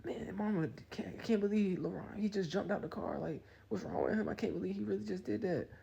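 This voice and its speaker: A man voicing his young girlfriend in a shrill, disbelieving falsetto. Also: a little fast, gravelly, warm tone, muffled recording. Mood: exasperated. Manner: shrieking, disbelieving.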